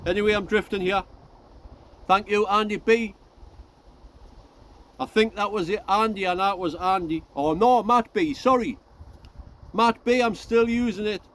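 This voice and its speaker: A man's voice: high-pitched, measured pace, long pauses, fairly bright tone. A man vlogging from his outdoor allotment, rambling chattily to his viewers and laughing at himself as he goes. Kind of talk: casual chat to camera.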